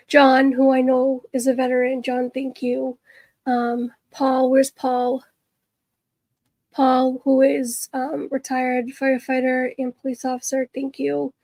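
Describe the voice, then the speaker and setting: A woman's voice: high-pitched, a little mellow, no room sound. A woman hosting a casual livestream, talking to her viewers in a chatty, earnest, rambling way that trails off and restarts. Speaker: livestream host.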